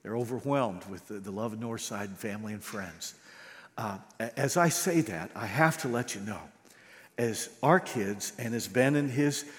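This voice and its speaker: A man's voice: lowish voice, normal speed, big-room sound. A man preaching a sermon as pastor, acting out quoted voices with animation.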